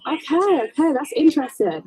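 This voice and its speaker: A woman's voice: high voice, sing-song, a little fast, a little mellow, rough recording. A woman interviewing a boxer backstage, chatty and upbeat.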